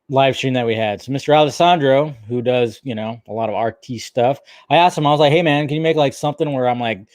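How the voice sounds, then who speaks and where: A man's voice: medium pitch, no room sound. A man hosting a casual live stream, loosely chatting, swearing and greeting viewers by name.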